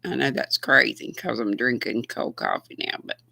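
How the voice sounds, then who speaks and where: A woman's voice: very deep voice, sing-song, moderate pace, vocal fry, pushed and bright, no echo. An older woman with a Southern US accent, chatting casually and folksily with viewers on her livestream, often laughing. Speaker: livestream host.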